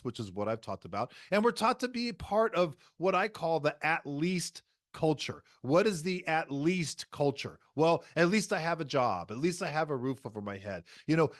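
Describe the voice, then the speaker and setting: Middle-aged guy doing a motivational podcast, kinda high voice, punchy and repetitive, dry close sound. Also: dry recording. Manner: emphatic, repeats key phrases. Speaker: podcast host.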